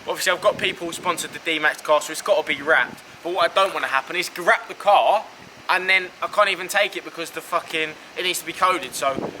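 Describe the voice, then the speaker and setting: Car vlogger, young, sweary rant to camera, slightly high voice. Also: male voice, sharp tone, a little hiss or hum, rough recording. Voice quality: sweary, exasperated.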